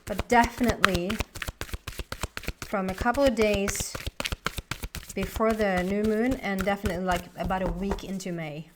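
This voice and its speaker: A woman's voice: medium pitch, steady tone, normal speed, pauses often, noisy background. A woman giving a casual tarot reading to her viewers, chatty and thinking aloud as she talks to the cards. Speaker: tarot reader.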